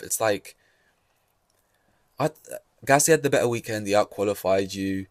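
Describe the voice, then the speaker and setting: A man's voice: lowish voice, moderate pace, no room sound, clean studio sound. A young man hosting a podcast, ranting casually and sarcastically, swearing freely. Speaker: podcast host. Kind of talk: casual solo podcast commentary.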